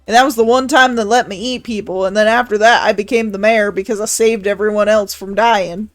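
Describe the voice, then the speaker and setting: A woman's voice: mid-range voice, fairly even intonation, a little fast, no room sound, soft background music, close to an everyday voice. A woman voicing a boastful, meat-loving male dragon who is mayor of a town, rambling and crude in an improvised tabletop role-play. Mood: cocky.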